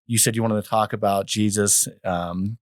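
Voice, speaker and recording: A man with a lowish voice hosts a podcast, speaking in a measured, teaching tone as he draws on scripture. The recording is dry and close-miked. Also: fairly even intonation, dry recording. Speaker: podcast host. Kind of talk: podcast conversation with scripture references.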